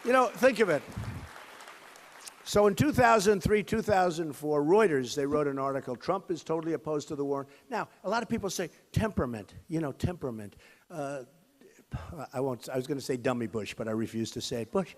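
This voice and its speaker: A man's voice: lively intonation, fast. Emphatic man at a rally, big hall reverb. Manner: repetitive, emphatic, swings from loud outbursts to low asides. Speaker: presidential candidate. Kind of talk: campaign rally speech. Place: high school gym with a crowd.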